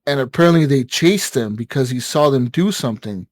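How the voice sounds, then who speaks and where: A man's voice: mid-range voice, expressive, a little fast, no room sound. A man casually telling a long story on a gaming podcast, rambling with lots of fillers and swearing. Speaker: podcast co-host.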